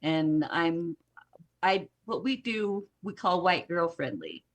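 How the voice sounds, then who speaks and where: Middle-aged woman chatting on a podcast, lowish voice, tells long stories with little laughs. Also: expressive, takes it slowly. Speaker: guest, jelly company owner. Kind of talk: casual podcast conversation.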